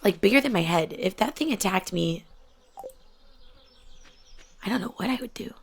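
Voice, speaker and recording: A young adult woman chatting softly while she plays a game, often dropping to a near whisper. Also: mid-range voice, animated, moderate pace, slight background noise. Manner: soft-spoken, often drops to a near whisper. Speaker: gaming channel host. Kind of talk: relaxed chat while playing a game.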